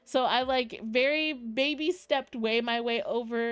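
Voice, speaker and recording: Excitable rambling young woman streamer. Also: fairly high pitch, a little slow, clear, resonant tone. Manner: excitable rambling storytelling with fillers. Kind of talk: casual chat with live chat.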